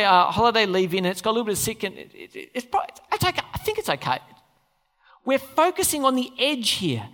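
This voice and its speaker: Male pastor giving a sermon, lively up and down voice, church hall reverb. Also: high-pitched. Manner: conversational, asks the audience questions.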